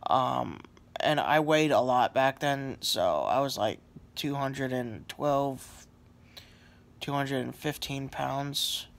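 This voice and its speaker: A drowsy man talks into a nearby camera from his couch at home. He drawls slowly, trailing off between thoughts with many ums and sorries, his voice at a middling pitch. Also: gravelly, fairly bright tone. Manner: rambling, halting, many fillers and apologies. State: very sleepy. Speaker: vlogger. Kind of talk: casual selfie vlog. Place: lying on a couch indoors at home.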